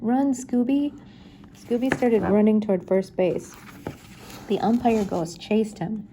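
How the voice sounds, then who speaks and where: An older woman reading a children's chapter book aloud in a gentle, unhurried storytelling manner. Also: medium pitch, slight background noise. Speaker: reader.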